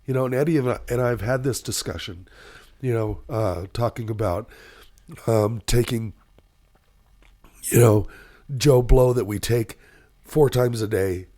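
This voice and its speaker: A middle-aged man speaks casually on a podcast, filling his sentences with "you know" and "um" as he tells an emotional story. He is a paramedic, and his voice sits at an ordinary pitch. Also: darkish tone. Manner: emotional storytelling, many fillers. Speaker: paramedic guest.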